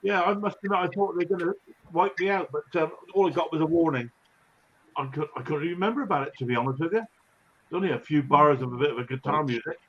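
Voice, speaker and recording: A man hosts a casual livestream, chatting and laughing as he greets his viewers. His voice sits a little high. The audio is muffled and lo-fi. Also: quick pace. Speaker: livestream host. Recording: lo-fi dull audio.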